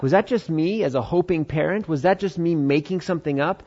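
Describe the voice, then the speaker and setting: A man's voice: on the high side, a little fast, darkish tone, dull audio. A man preaching a conversational sermon, acting out Bible dialogue in changing voices. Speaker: pastor.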